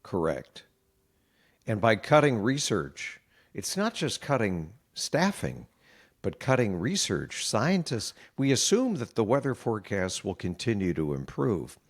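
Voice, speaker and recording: A middle-aged meteorologist in a conversational interview, explaining earnestly and sounding worried. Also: male voice, fairly low pitch, wildly swooping pitch, measured pace, slightly rough. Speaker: meteorologist guest.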